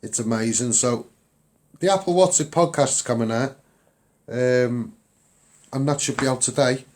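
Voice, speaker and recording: A man's voice: medium pitch, a little slow, darkish tone. A man with a Liverpool accent talking casually to viewers on a livestream, upbeat and rambling, repeating himself with lots of ums. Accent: Liverpool (Scouse). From England.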